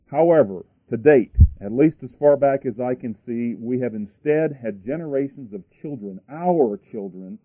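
Male preacher, emphatic sermon delivery, mid pitch, tinny dry recording. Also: lively intonation, moderate pace, few pauses, no echo. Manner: emphatic, repeating phrases for stress. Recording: tinny phone-like line, dry.

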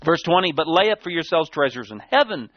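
A man's voice: on the high side, sing-song, a little fast, no echo. A man preaching a sermon, emphatic, repeating key words and swinging between a raised and a dropped voice. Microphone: sermon tape recording. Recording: dull dry lo-fi church tape.

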